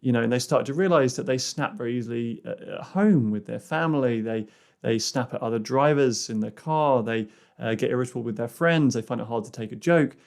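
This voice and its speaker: A man hosting a solo personal growth podcast, telling a client story with many fillers and restarts, and dropping to a soft, low voice when he quotes the exercise. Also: a little fast, creaky.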